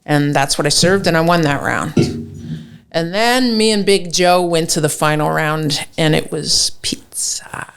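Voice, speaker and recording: Woman chef spinning a lively tale. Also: on the low side, moderate pace. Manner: swears freely, acts out quoted dialogue. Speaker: chef, podcast guest. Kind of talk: animated storytelling in casual chat.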